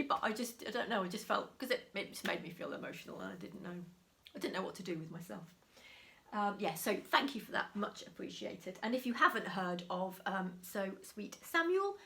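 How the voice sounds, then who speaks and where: A middle-aged woman hosting her own crafting channel at home, chatting casually with many ums and soft laughs. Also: mid-range voice, vocal fry. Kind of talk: casual chat.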